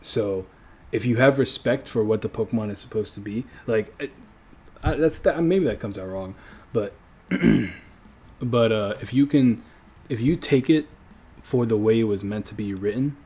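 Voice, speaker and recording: A man's voice: fairly low pitch, a little slow, darkish tone, husky. A man from a French-speaking country chatting casually on a livestream, rambling and correcting himself as he goes, with frequent chuckles. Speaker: streamer.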